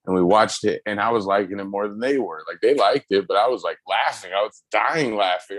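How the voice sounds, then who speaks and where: A man's voice: fairly low pitch, a little fast, hardly any pauses, dry recording. A man co-hosting a casual pop-culture talk show, swearing freely and laughing as he tells stories. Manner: profane, laughing, animated storytelling. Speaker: podcast host. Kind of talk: casual chat.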